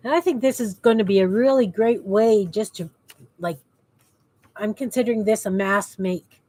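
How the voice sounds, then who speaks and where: A mid-range, slightly mellow voice at a moderate pace belongs to a middle-aged woman hosting a crafting livestream in her basement craft room. She chats with viewers in a casual way and murmurs to herself as she works.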